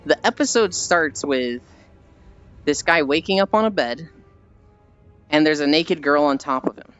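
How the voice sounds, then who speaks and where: A man's voice: on the high side, unhurried, a bit bright. Streamer guy, casual and rambling, dull lo-fi sound with faint music underneath. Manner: rambling, acts out scenes in put-on voices. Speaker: livestreamer. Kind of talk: casual stream chat while walking.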